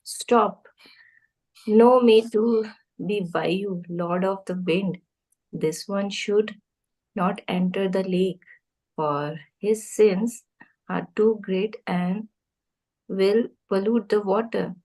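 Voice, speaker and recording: A commanding male god of the wind speaks his warning in slow, measured words, as a woman reading the story puts him on. The delivery is unhurried and plain, like a story told in class. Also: medium pitch, steady tone, darkish tone, low-quality recording. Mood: stern.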